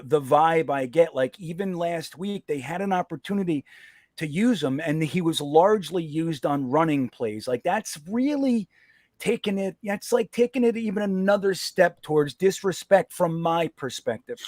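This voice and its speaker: A man, a father, giving blunt, halting opinions and self-mocking jokes on a casual panel. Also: fairly high pitch, darkish tone, no room sound, clean studio sound. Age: adult with children.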